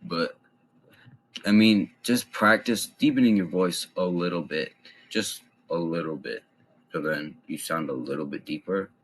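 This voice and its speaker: A young man with a very low, husky voice talks casually through voice tips. He rambles a little and leans on fillers as he explains, keeping things relaxed and informal. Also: normal speed, low-quality recording. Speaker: voice tips vlogger. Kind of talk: casual instructional talk.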